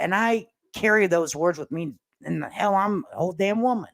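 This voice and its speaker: A woman's voice: mid-range voice, expressive, fairly quick, darkish tone. Chatty woman hosting a casual livestream. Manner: chatty, laughs often, swears casually. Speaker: livestream host reading viewer comments.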